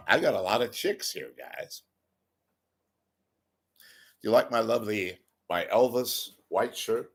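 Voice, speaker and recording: A man's voice: mid-range voice, takes it slowly, gravelly, long pauses. A man hosting a live stream, rambling through jokes in a casual monologue, swearing often and greeting viewers by name. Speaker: livestream host.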